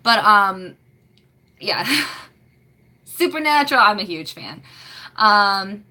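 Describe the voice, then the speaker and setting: A woman's voice: mid-range voice, animated, unhurried, long pauses, pushed and bright. A woman in her late twenties chatting casually on a live stream from home, rambling and giggling with lots of fillers. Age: late 20s.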